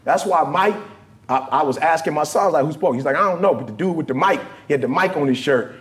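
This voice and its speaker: A man giving a motivational talk to a live audience, animated and repeating "right?" and "you know what I'm saying" often. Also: a little high, fast talker. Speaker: guest speaker.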